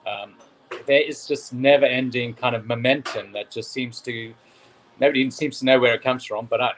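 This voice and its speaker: A man's voice: mid-range voice, slight background noise, rough recording. A man joining remotely as a wine merchant guest, enthusiastic and rambling, with many fillers. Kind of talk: interview answers. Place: London.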